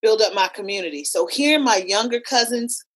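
A woman hosting a podcast, telling animated, profane stories in casual chat. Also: medium pitch, brisk, husky, rough recording. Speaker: podcast host; cheerleading coach.

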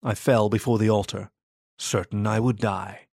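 A man's voice: on the low side, steady tone, normal speed, darkish tone, dry recording. Male storyteller, dry close voice. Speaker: narrator. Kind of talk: first-person story narration.

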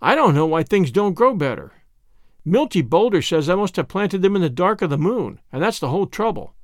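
A man's voice: sits high, very animated, fairly quick, no room sound, studio quality. A man voicing a scruffy, mischievous little boy with folksy, slangy talk in a storybook reading. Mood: earnest.

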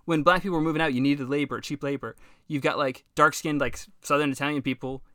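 A man talking through history on a podcast in a casual, animated way, swearing freely and slipping into voices for the people he quotes. His voice sits a bit high for a man, and it is recorded dry and close with little room sound. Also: fast, no echo.

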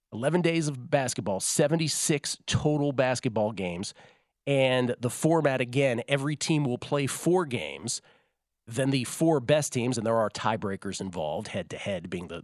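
A man's voice: medium pitch, no echo, clean studio sound. Chatty male sports betting host. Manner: rambling, self-correcting storyteller. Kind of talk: casual studio chat.

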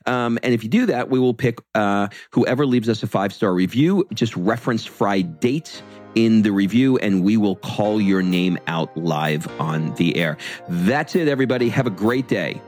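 A man's voice: fairly low pitch, expressive, moderate pace, a little mellow, faint music behind. Upbeat man hosting a podcast. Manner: upbeat, plugs reviews with playful pushiness. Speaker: podcast co-host. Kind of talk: casual podcast chat.

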